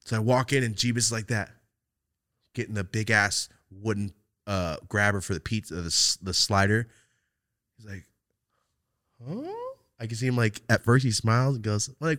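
A man hosting a podcast, telling a story in casual chat, animated and profane with loud outbursts. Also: lowish voice, moderate pace, pauses often, dry recording, clean studio sound. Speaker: podcast host.

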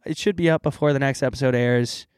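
A young man chats casually as a podcast co-host, quick with a joke. His voice sits at an ordinary middle pitch. The sound is dry and close. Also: a little mellow, smooth, dry recording. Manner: jokey, playful mock meditation. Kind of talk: casual chat.

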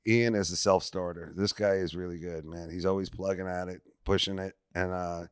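A male comedian hosting a loose podcast chat, rambling along and teasing his guests with wry jokes. His voice is low, and the recording is close and dry with no room sound. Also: steady tone, normal speed, smooth, no room sound. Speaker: comedian host. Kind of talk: casual podcast banter.

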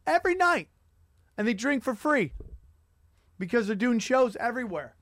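High-voiced man ranting on a podcast. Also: normal speed, dry recording, studio quality. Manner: animated, profane storytelling. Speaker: podcast host. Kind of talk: comedic podcast rant.

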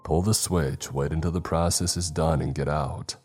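A man's voice: extremely low pitch, steady tone, moderate pace, darkish tone, slightly rough, soft background music. A man voicing a stern male ship captain issuing firm orders to his crew. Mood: calming.

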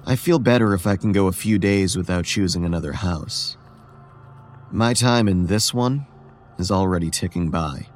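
A man's voice: deep voice, normal speed, lightly acted. A man narrating as a weary, ageless boy. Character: weary, homeless boy who looks about eleven. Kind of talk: first-person horror story narration. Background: soft music.

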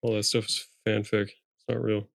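A man's voice: lowish voice, monotone, moderate pace, gravelly, dry recording. A young man co-hosting a podcast in casual chat, dry and skeptical in his remarks. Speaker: podcast co-host.

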